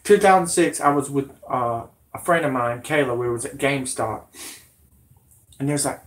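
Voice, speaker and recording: A man's voice: medium pitch, normal speed. A man hosting a vlog, ranting in a rambling, indignant way and swearing. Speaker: vlog host.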